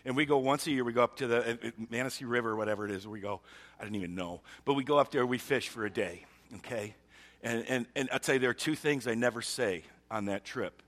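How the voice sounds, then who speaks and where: A man's voice: mid-range voice, quick pace, a bit bright. Humorous male preacher telling stories. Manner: humorous, storytelling, chuckles often. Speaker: pastor. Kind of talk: sermon.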